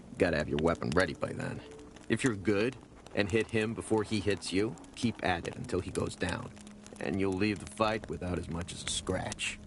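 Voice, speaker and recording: A man's voice: low voice, vocal fry. An actor playing a blunt, greedy male hunter in a video game who talks in a sardonic, haggling way. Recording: game music behind.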